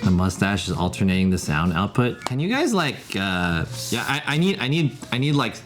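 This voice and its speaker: A man's voice: lowish voice, very animated, normal speed, a bit bright. A man live streaming from home, chatting casually, rambling and swearing as he answers his viewers. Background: music playing.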